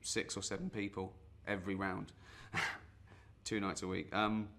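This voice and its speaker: A man's voice: lowish voice, flat delivery, a little slow, bright, forceful tone. An actor playing a self-deluded middle-aged male sales rep, rambling awkwardly with lots of ums and nervous chuckles in a comic mock guitar lesson. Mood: awkward boastful. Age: 40s. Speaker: would-be guitar teacher.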